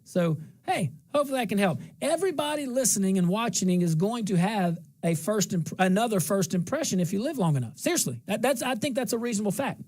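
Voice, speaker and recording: A man's voice: high-pitched, lively intonation, quick pace, few pauses, darkish tone. A middle-aged man from central Louisiana with a slight twang, hosting a talk show in a folksy, rambling monologue that repeats phrases for emphasis.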